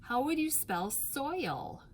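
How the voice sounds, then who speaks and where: Woman teacher, phonics lesson, slow and deliberate, patient, faint room hiss. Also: sits high, big pitch swings. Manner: slow, clear, patient, stretches out sounds. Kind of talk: phonics lesson for young children.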